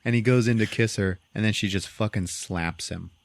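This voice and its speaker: A man with a lowish voice and some vocal fry hosts a podcast, recounting a movie plot at normal speed. His storytelling is lively and profane, punctuated by frequent laughs, and there's no room sound.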